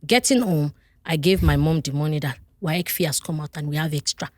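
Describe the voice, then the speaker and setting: A Nigerian woman tells a story from her life on a podcast, animated and quick to act out the people in it. Her voice sits a little low for a woman. It is a dry studio sound with almost no room in it. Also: no room sound. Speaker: podcast guest. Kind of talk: casual storytelling.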